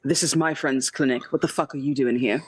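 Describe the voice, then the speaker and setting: A man's voice: medium pitch, fairly even intonation, fairly quick, slight background noise, lightly acted. A man playing a cocky, sarcastic tough woman. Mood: defiant. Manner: dry sarcastic retorts, swearing.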